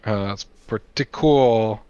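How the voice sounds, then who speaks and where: A man's voice: fairly low pitch, takes it slowly, warm tone, smooth, no echo, highs cut off. A man playing a tabletop game, chatting casually and thinking aloud with fillers. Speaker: player.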